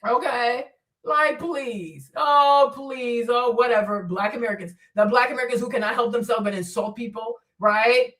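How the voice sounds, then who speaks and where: High, taunting woman livestream host. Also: normal speed, a bit bright, distant mic. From Africa. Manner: mocking, taunting, laughs often. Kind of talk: livestream rant.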